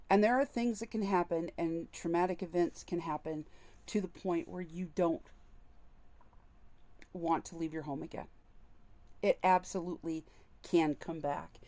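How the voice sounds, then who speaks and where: A woman's voice: on the low side, warm tone. A woman vlogger speaking candidly and emotionally as she tells a personal story to the camera. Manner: earnest, candid, openly emotional. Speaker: vlogger sharing personal experience.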